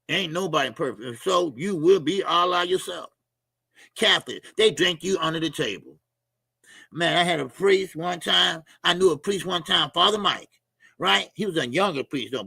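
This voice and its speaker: A man's voice: a little high, normal speed, creaky, pushed and bright, husky, no echo, clean studio sound. A middle-aged man hosts a casual boxing livestream. He talks loose and profane, laughs a lot and reads out viewer comments and donations.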